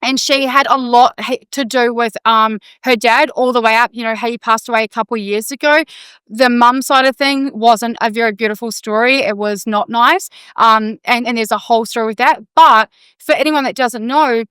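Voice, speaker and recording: A woman's voice: a little high, fairly even intonation, normal speed, a bit bright, smooth, dry recording. A woman, co-hosting a casual podcast and telling a moving family story with quoted dialogue. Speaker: podcast co-host.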